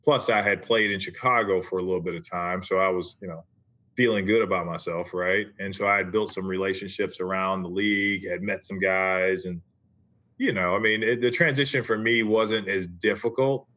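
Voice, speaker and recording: Guest, man in his 40s: low-ish, bright and punchy, easygoing storyteller. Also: fairly even intonation, moderate pace. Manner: easygoing, tags points with "right?". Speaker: podcast guest, former basketball player. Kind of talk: casual interview storytelling.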